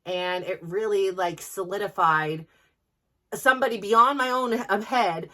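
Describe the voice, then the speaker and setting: Woman in her 40s, mid-pitch voice, chatty podcast storytelling, laughs a lot, keeps restarting sentences. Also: measured pace. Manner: animated, laughing, with frequent restarts. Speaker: podcast host. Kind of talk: casual personal storytelling.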